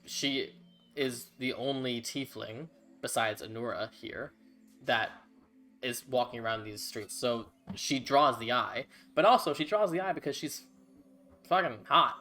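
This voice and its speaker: A man's voice: medium pitch, unhurried, sharp tone, faint music behind. A man narrating a tabletop game as game master, casual and rambling.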